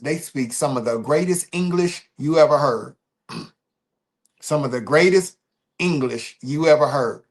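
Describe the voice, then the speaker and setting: High-voiced man hosting a loose livestream. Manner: loose and repetitive, restarting phrases, emphatic then trailing off quietly. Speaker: livestream host. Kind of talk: casual livestream talk.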